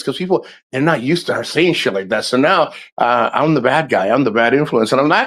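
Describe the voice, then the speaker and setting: A man's voice: fairly high pitch, lively intonation, a little fast, few pauses, a bit bright, low-quality recording. Rambling, foul-mouthed man hosting a stream. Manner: rambling, profane, jokey. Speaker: livestream host. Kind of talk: casual livestream chat.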